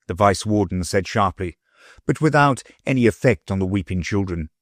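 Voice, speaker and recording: Guy reading a kids classic out loud, expressive, dry recording. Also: lowish voice, normal speed, no room sound. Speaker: audiobook narrator. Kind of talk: scripted narration.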